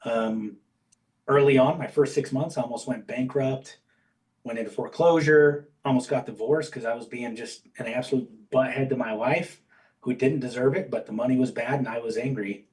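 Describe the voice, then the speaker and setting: A man's voice: mid-range voice, normal speed, recorded from a distance, rough recording. Guy guest on a podcast telling his story, candid, plays out dialogue, sits a little back from the mic. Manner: candid, animated storyteller who acts out quoted dialogue. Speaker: guest, insurance agency owner and coach. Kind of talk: conversational interview storytelling.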